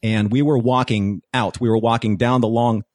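A man telling a story as a podcast guest in casual chat, animated, acting out quoted lines. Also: mid-range voice, normal speed, dry recording, clean studio sound. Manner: animated, excitable anecdote-telling with acted-out quotes.

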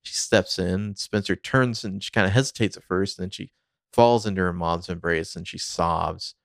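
A man's voice: deep voice, moderate pace, creaky, dry recording, clean studio sound. A man casually recapping a TV episode on a podcast, narrating the scenes and briefly acting out the characters' lines.

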